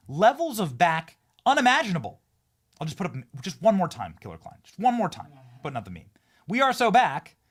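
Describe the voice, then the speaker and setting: A man hosting a political commentary show, talking in a hyped, jokey way, riffing with sudden loud bursts. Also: mid-range voice. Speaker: show host.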